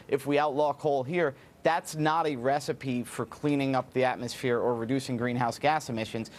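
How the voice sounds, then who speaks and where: Man making a policy argument. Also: mid-range voice. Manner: argumentative, explanatory. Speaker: guest commentator. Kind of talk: political commentary.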